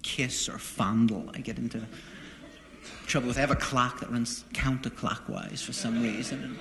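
Deadpan man telling a stand-up story. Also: mid-range voice, normal speed. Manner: deadpan, self-deprecating storytelling. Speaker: stand-up comedian. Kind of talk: stand-up monologue. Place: live venue with an audience. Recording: roomy live recording with noise. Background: audience laughter.

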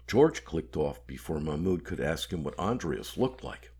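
A man reading a novel aloud in a measured, even audiobook narration. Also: extremely low pitch, slight background noise.

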